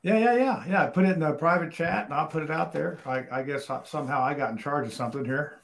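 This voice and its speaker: A man's voice: fairly high pitch, quick pace, gravelly. A man hosting a casual talk show, rambling and joking as he sets things up. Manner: rambling, self-interrupting, jokey. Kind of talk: casual chat.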